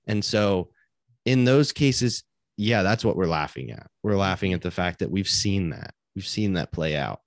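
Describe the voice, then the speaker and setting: A man's voice: sits low, animated, a little slow, no echo, clean studio sound. A man co-hosting a casual faith podcast, talking earnestly and thinking aloud with frequent restarts. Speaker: podcast co-host.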